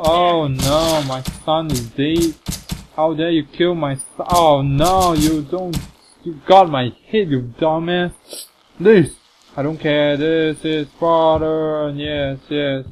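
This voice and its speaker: Excitable young man yelling at a game. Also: on the high side. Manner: excitable, swears and yells at the game. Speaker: gaming youtuber. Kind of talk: let's play commentary. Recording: home mic with clear background noise.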